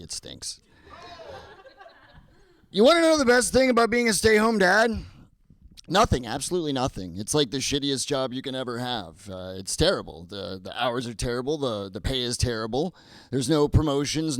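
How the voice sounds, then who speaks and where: On a comedy club stage, a man in his thirties performs stand-up, self-deprecating and stammering his way into punchlines. His voice is mid-range, with no room sound.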